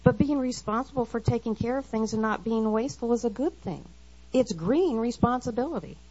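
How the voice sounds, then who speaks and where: A woman's voice: fairly high pitch, expressive, brisk, a little mellow. A middle-aged woman giving an earnest, confessional devotional talk to women and quoting scripture. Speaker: women's Bible study speaker. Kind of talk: devotional talk read aloud. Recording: slightly dull lo-fi recording.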